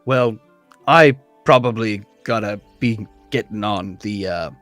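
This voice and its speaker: A man's voice: fairly low pitch, slow, fairly bright tone, dry recording, soft background music, voice pushed down. A man voicing a rambling, easygoing male sheep worker who heads off to his duties. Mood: friendly.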